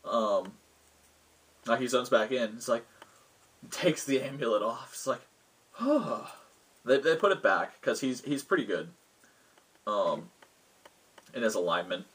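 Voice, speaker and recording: A man's voice: medium pitch, expressive, a little slow, long pauses, fairly bright tone, breathy edge, poor audio. A man, the host, casually retelling a tabletop game session he ran, rambling with lots of fillers. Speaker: game master recounting a session. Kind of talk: casual storytelling.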